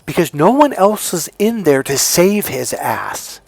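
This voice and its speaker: A middle-aged man giving an emphatic, profane motivational talk as a relationship coach. He swings between loud commands and quiet asides. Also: high voice, very animated, unhurried, gravelly, breathy edge, no room sound, soft background music.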